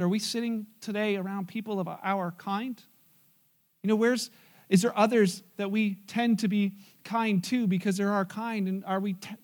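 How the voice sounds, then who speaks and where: A pastor preaching a sermon, telling a story with animated acted-out dialogue. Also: male voice, sits high. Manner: animated storytelling, acts out diners and waiters.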